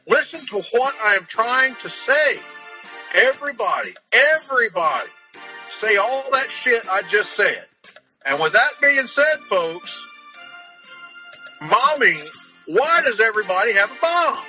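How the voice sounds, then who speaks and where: A man's voice: very high-pitched, pushed and bright, full character voice, low-quality recording. A man doing an impression of an older wrestling announcer, half speaking and half singing comic parody lyrics over music. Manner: half spoken, half sung, emphatic and declaiming. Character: older male wrestling announcer, folksy and blustering. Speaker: podcast host.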